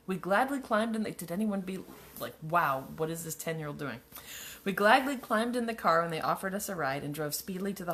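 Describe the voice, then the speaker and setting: A woman's voice: deep voice, a bit bright. A woman reading her own childhood story aloud, breaking off for wry, sarcastic asides. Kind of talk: live reading with mocking commentary.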